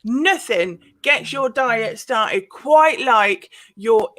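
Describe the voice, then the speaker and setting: Bright-voiced woman doing stand-up. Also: fairly high pitch, expressive, extremely slow. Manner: self-deprecating, punchline-driven delivery. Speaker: stand-up comedian. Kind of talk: stand-up comedy set. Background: audience laughter.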